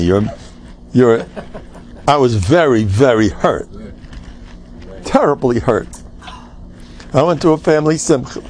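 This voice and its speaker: A man's voice: mid-range voice, a little mellow, slight background noise. An older man, a rabbi giving an informal Torah class, emphatic and joking, mixing in Yiddish and Hebrew words. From United States.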